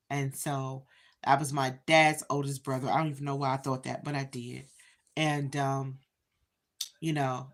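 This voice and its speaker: A woman in her fifties chatting casually to viewers on a livestream, talking straight to them with lots of "you know"s. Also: deep voice. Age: 50s. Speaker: livestream host.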